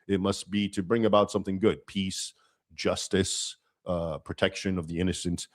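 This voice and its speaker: A man's voice: deep voice, flat delivery, normal speed. A man hosting a livestream, explaining in a lecturing manner and often checking in with "okay?". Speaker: livestream host.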